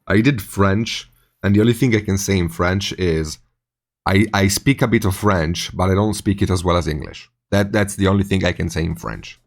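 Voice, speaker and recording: A man in his forties hosting a casual live stream, animated and teasing, laughing often. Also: sits low, moderate pace, vocal fry, long pauses. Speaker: streaming host.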